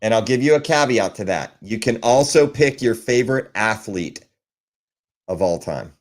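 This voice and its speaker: A man's voice: lowish voice, animated, normal speed. A man hosting a casual interview podcast, speaking in a friendly way. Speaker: podcast host.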